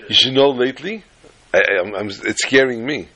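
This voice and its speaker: A man's voice: mid-range voice, moderate pace, a crowd in the background, rough recording. A man telling a folk tale in a rambling, self-deprecating way, stumbling and repeating words. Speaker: storyteller. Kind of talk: casual spoken storytelling.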